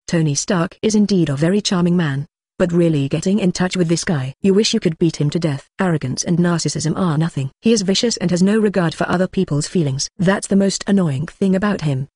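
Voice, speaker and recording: Text-to-speech narration, synthetic voice, middle pitch, dry close sound, even phrasing. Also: husky, no room sound. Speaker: audiobook narrator.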